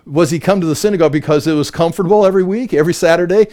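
A man leads a Bible study verse by verse in a conversational voice. He keeps posing rhetorical questions to the group, and his voice sits a little high. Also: very fast, warm tone. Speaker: Bible teacher.

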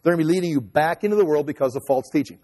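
Man, pastor, sermon, fairly high voice, chatty, self-mocking humor, long church hall reverb. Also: expressive, rapid-fire, dark tone.

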